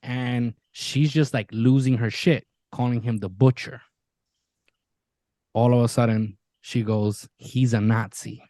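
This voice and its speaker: A man in casual podcast chat, retelling a show with lots of energy, swearing freely and jumping into quoted voices. His voice sits at a middle pitch. The sound is dry and close to the mic. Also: steady tone, measured pace, mellow, no echo. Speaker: podcast co-host.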